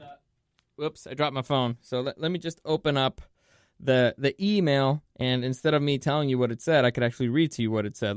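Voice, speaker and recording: A man's voice: fairly high pitch, smooth, dry recording, clean studio sound. A man telling a story in a casual monologue, rambling and swearing, often restarting his sentences. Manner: rambling and profane, with many restarts and fillers. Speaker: vlogger telling a personal story. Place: California.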